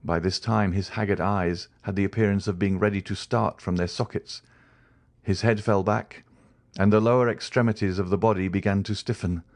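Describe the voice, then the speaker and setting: A man narrating a classic novel as an audiobook in a measured, even reading. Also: lowish voice, no echo, clean studio sound. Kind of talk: scripted narration.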